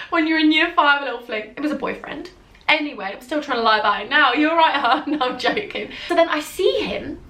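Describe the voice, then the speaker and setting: A woman's voice: high voice, lively intonation, fairly quick, bright, forceful tone. A young woman telling a funny story to camera in a chatty, giggly way, acting out what others said. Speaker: beauty vlogger. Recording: echoey room.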